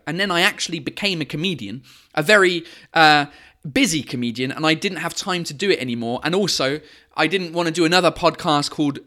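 High, bright-voiced man rambling on a livestream. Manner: chatty, swearing, switches into French, lots of filler sounds. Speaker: comedian hosting a live-streamed podcast. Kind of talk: casual live-stream chat. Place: home in lockdown. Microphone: podcast microphone.

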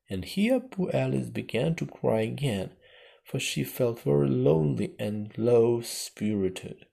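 A man reading a classic storybook aloud at an unhurried pace. His voice is dark and husky with a gravelly edge. His intonation rises and falls in a lively way. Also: medium pitch. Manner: slow, expressive reading. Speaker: audiobook narrator.

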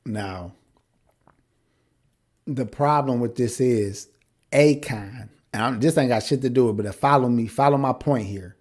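A man's voice: medium pitch, unhurried, pauses often. A man co-hosting a podcast in casual chat, blunt and crude, often laughing as he riffs. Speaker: podcast co-host.

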